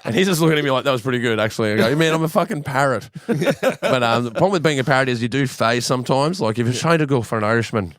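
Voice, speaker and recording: Australian man, podcast guest, animated slangy storyteller, dry close sound. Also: medium pitch, racing, hardly any pauses, no room sound. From Western Sydney, Australia. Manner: animated, swearing, slangy, playful. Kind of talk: casual banter, storytelling.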